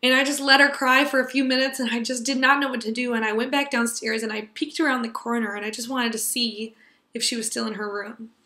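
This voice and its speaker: A young woman tells a heartfelt personal story to a class. Her voice sits a little high and sounds bright and clear. She speaks earnestly and tenderly, dropping to a near hush in the quiet moments. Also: level tone, quick pace, echoey room.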